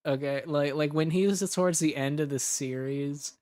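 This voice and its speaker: A man's voice: on the high side, normal speed, darkish tone, clear, resonant tone, no room sound. A young man, an audio drama creator, chatting casually and brainstorming ideas, rambling and laughing as he cuts himself off. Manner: rambling, giggly, self-interrupting.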